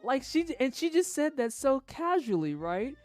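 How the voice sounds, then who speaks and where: Brief: lively, foul-mouthed streamer, muttering then shouting, wide expressive pitch. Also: normal speed, soft background music. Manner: animated, swears a lot, jokes and laughs; swings between mutters and loud outbursts. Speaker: livestreamer. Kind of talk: casual gaming stream commentary.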